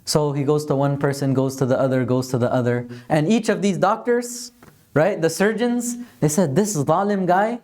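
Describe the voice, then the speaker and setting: A man gives a religious lesson in a mosque, telling a story in an earnest, steady voice. He works Arabic words and phrases into his talk as he explains. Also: fairly high pitch, normal speed. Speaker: religious teacher.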